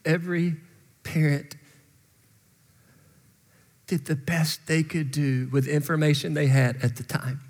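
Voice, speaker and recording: A man in his forties preaching a sermon as pastor, moving from relaxed storytelling to fervent appeals to parents. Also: fairly high pitch, unhurried, pauses often. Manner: conversational storytelling rising to impassioned exhortation. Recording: long reverb in large hall.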